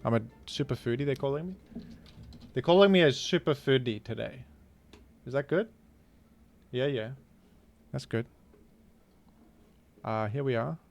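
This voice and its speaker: A man streaming a food guessing game, talking casually with animated, incredulous outbursts. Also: medium pitch, measured pace, vocal fry, pauses often. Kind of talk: casual gaming commentary.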